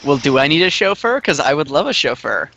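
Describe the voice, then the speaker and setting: An eager, chatty man playing a tabletop role-playing game. His voice is bright and forward. The recording sounds a little muffled. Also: fairly high pitch, big pitch swings, fairly quick. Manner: eager, chatty, talks in character plans. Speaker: player. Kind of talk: casual tabletop game play.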